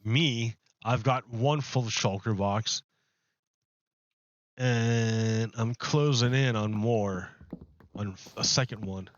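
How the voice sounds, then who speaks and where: A man's voice: medium pitch, slow, no room sound, muffled recording. A man chatting casually while livestreaming a game from his apartment, rambling and loose with his words. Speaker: game streamer. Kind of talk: casual live-stream chat. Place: home apartment.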